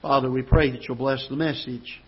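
A male pastor delivers a sermon with a husky, slightly rough voice, and his pitch sits in the middle range. He builds intensity and slows down to stress scripture passages. The recording sounds dull and lo-fi, like a church broadcast feed. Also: fairly even intonation. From United States. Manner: preaching with swelling emphasis, slowing on scripture; joking aside to the congregation. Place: church auditorium.

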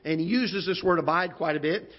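A man preaching a sermon as pastor, unhurried and folksy with many fillers, slowing down to read scripture. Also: a little high. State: occasional cough. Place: church auditorium. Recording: dull lo-fi church broadcast audio.

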